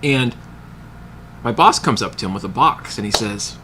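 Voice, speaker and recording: Bright-voiced man telling a rambling story. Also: on the low side, lively intonation, moderate pace, pauses often, a little hiss or hum. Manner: rambling anecdotes with quoted voices and laughs. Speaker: livestream host. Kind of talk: casual storytelling.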